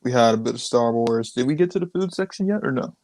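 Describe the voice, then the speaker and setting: A man's voice: mid-range voice, expressive, fast talker, darkish tone, no room sound. A man with a mid-range voice co-hosts a laid-back live chat, teasing the others and defending himself in jest. His voice comes in dry and close over a phone connection. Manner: joking, playfully defensive. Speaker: co-host. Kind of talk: casual live-stream chat. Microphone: phone on mobile data.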